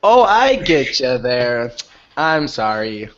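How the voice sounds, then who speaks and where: A man's voice: mid-range voice, big pitch swings, slow, fairly bright tone. A man with a Minnesotan accent hosting a podcast in casual, rambling chat, often laughing. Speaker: podcast host. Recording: dull lo-fi stream audio.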